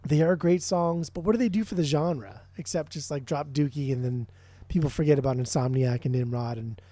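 A man's voice: on the high side, brisk, warm tone, no room sound. A man co-hosting a podcast in casual music chat, rambling, swearing often and restarting his sentences. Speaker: podcast co-host.

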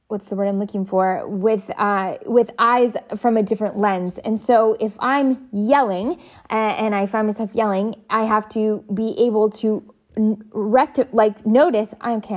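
A woman in her thirties gives a reflective, motivational talk to parents. She speaks earnestly at a middle pitch. She often stops to hunt for the right word or restarts a phrase. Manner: earnest, searching for words with fillers and restarts.

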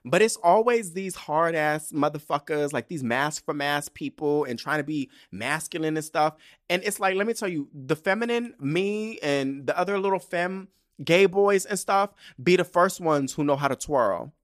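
A young man talking on his own podcast, sassy and loose-tongued. He curses freely and swings between biting rants and chatty storytelling, with a lively, animated delivery. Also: a little high, moderate pace. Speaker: podcast host. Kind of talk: casual solo podcast rant.

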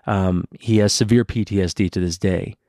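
Co-host, male parent, low gravelly voice, rambling storyteller who swears, dry close mic. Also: fairly even intonation, normal speed, a little mellow, no echo. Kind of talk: casual podcast chat.

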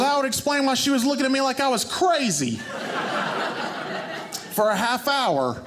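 A man's voice: very high-pitched, background noise. A man with a Southern US accent doing stand-up, telling a story with self-mocking asides. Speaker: comedian.

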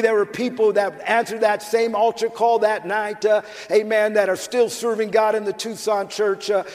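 Older male preacher, high voice, emphatic and conversational, long hall reverb. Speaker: pastor. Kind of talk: sermon. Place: church sanctuary.

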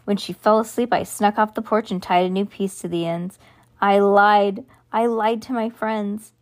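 A woman reading aloud, voicing an excitable young girl with a flair for drama in a high, bright voice. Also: moderate pace, natural voice. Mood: dramatic.

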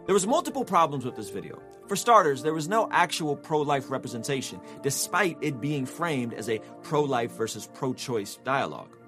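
Lively-voiced male commentator. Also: medium pitch, moderate pace, hardly any pauses, over music. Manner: opinionated, reflective. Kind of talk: casual commentary.

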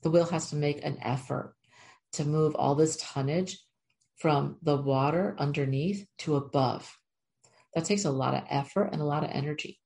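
Low raspy-ish woman doing a spiritual pep talk, earnest n repetitive, reading cards. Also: normal speed, darkish tone. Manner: earnest, repetitive, often asks "right?". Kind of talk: motivational talk to viewers.

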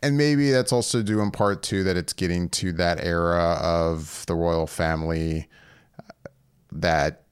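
A man's voice: low-pitched, steady tone, measured pace, clear, resonant tone, no echo, clean studio sound. A man co-hosting a podcast in casual chat, rambling with frequent laughs and restarts. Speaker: podcast co-host.

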